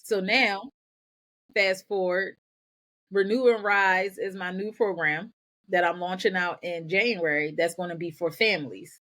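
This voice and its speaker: Give me a woman telling her own story on a podcast, energetic and quick, repeating words as she talks. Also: fairly low pitch. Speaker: podcast guest, nonprofit founder. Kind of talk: candid personal storytelling.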